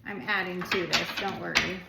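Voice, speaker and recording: A woman's voice: on the low side, fairly even intonation, moderate pace, vocal fry. Chatty woman reading tarot in echoey room. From United States. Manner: chatty and rambling, with many "like" fillers. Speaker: tarot card reader. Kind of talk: casual tarot reading to viewers. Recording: echoey room with background noise.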